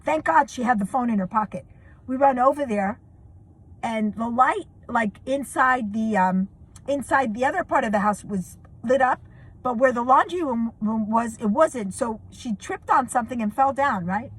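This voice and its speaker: A middle-aged woman tells a family story to her viewers in a casual, chatty way. Her voice sits high and a little husky, and she laughs and gets animated as the tale builds. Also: normal speed. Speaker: vlogger telling a family story.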